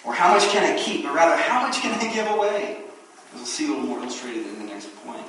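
A man preaching a sermon as pastor, animated and acting out the voices he quotes. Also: on the high side, fast talker, slight background noise. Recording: very echoey room, distant mic.

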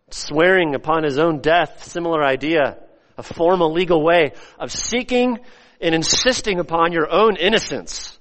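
A man preaching a sermon, animated and acting out the voices he quotes, recorded in a church. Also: fairly high pitch, moderate pace. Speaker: pastor. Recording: long hall reverb.

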